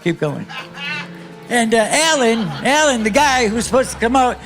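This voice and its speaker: A man's voice: very high voice, animated, moderate pace, a bit bright. An older man telling a long, rambling, profane story as a stand-up guest, chuckling at himself as he goes. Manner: profane, meandering, laughs at himself. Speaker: comedian guest. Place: comedy club stage. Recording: live club with crowd and music.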